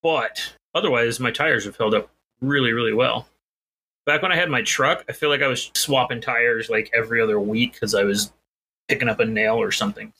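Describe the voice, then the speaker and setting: A man's voice: mid-range voice, fairly quick, pushed and bright, slight background noise. A man co-hosting a podcast, telling a rambling, self-deprecating story in casual chat. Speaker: podcast co-host.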